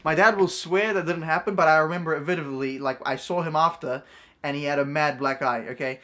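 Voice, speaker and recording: A man's voice: on the high side, a little fast. Rambling young man telling a story. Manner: rambling, filler-heavy, animated storytelling. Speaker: vlogger. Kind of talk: storytime vlog.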